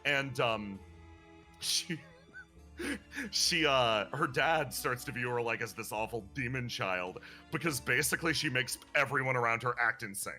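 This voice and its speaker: A man's voice: mid-range voice, a little slow, soft background music. A man chatting casually as a streamer, animatedly retelling a game's story and laughing now and then. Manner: animated, laughs and breaks into playful character voices. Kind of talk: casual chat recapping a game story.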